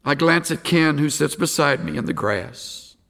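Slow gravelly guy reading a devotional, earnest and pleading. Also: on the high side, a bit bright. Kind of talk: devotional reading and altar call.

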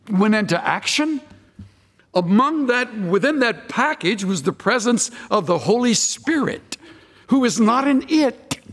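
A man preaching an earnest expository sermon, slowing down to stress key phrases. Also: high voice, a bit bright. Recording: long hall reverb.

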